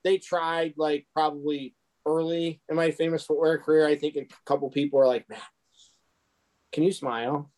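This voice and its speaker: A man speaks in a blunt, deadpan way during a casual podcast chat. His voice sits a bit high for a man. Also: a little fast, rough recording.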